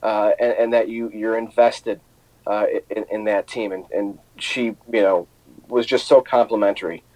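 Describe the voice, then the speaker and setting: A man with a low, mellow voice hosts a sports podcast, speaking unscripted and stumbling through frequent restarts. The sound is dry and close, with no room around it. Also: dry recording, rough recording. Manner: halting, many restarts. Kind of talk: unscripted commentary.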